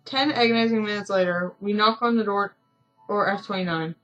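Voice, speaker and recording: A woman's voice: medium pitch, a little fast, fairly bright tone, highs cut off, faint music behind. A woman streaming a story game, reading its narration aloud with casual, self-deprecating asides. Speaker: let's-play streamer.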